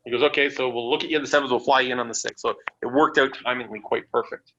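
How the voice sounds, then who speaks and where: A man from Canada, a wrestler guest on a podcast interview, telling stories in a casual, animated way, swearing freely and acting out what others said. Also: medium pitch, racing. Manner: animated, swearing, acts out quotes. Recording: dull lo-fi audio with faint noise.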